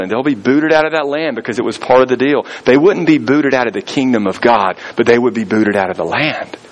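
A man's voice: medium pitch, a bit bright, rough recording. A man preaching a sermon in a conversational storytelling way, acting out the voices of people he quotes. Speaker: pastor.

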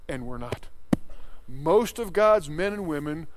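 A man in his sixties preaching a sermon, emphatic, firing rhetorical questions and swinging between loud and hushed. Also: on the high side, lively intonation, unhurried. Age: 60s. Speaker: pastor.

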